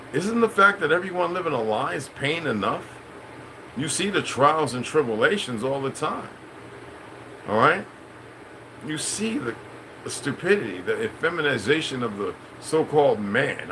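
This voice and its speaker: Bright-voiced, profane middle-aged man. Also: on the high side, lively intonation, normal speed, slight background noise, rough recording. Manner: rambling, profane, preachy. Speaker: channel host. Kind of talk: unscripted monologue.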